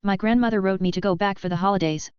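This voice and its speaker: A timid schoolboy who stammers when put on the spot as a woman narrator reads him, in a very smooth, clear voice. The recording sounds dull and dry. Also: medium pitch, fairly even intonation, quick pace, dry recording, close to an everyday voice. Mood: nervous. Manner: stammering and nervous.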